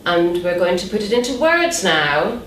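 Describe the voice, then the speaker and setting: A woman voice coach guiding a resonance exercise in a soothing, very slow voice. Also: medium pitch, very animated, slight background noise. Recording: distant echoey room with soft music.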